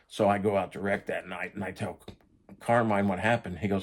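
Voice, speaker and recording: A man's voice: low voice, fairly even intonation, a little fast, gravelly. A middle-aged man casually telling prison stories, blunt and profane. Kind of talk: casual storytelling.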